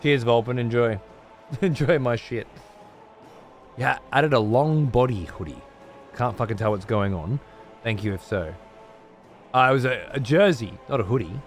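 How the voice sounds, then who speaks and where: A man's voice: medium pitch, lively intonation, measured pace, long pauses, faint music behind. A man streaming and chatting casually with his audience, blunt, rambling and full of swearing.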